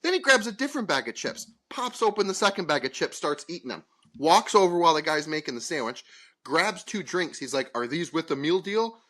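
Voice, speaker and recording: A man's voice: fairly high pitch, sing-song, brisk, fairly bright tone. Profane, exasperated man telling a story. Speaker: podcast co-host. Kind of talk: casual storytelling chat.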